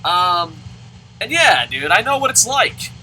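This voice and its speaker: Excitable, foul-mouthed man with a lively voice. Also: high voice, unhurried, a little hiss or hum, low-quality recording. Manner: profane, excitable, ranting. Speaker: let's play host. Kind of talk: game commentary and reading viewer comments.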